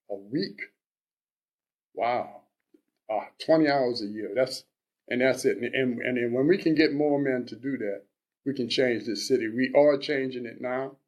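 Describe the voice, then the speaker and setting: A man in his sixties hosting a radio show, talking in an unhurried, halting way with frequent restarts. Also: mid-range voice, a little mellow. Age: 60s. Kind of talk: casual radio talk.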